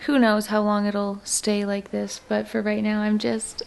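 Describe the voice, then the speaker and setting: A young woman vlogging casually from her home, chatty and excitable. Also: mid-range voice, moderate pace, gravelly, few pauses. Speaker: lifestyle vlogger. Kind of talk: casual vlog chat.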